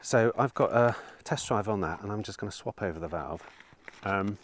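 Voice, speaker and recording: A deep-voiced man talking to camera about his day as a car dealer. He rambles casually, swears freely and tells stories with a dry, sarcastic edge. A faint hiss of noise sits under the recording. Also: moderate pace. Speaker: used car dealer vlogger. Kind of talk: casual vlog monologue.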